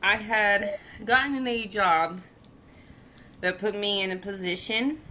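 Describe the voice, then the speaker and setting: A woman's voice: mid-range voice, measured pace, bright, forceful tone, a little hiss or hum. A woman in her thirties, a guest telling her own story openly and frankly, with lots of "like" fillers. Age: 30s. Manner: open and frank, with many filler likes. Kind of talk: candid personal storytelling.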